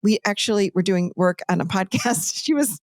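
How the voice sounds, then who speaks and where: A woman as a podcast guest and author, explaining ideas with lively, animated storytelling in a conversational teaching style. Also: medium pitch, moderate pace, dry recording, clean studio sound.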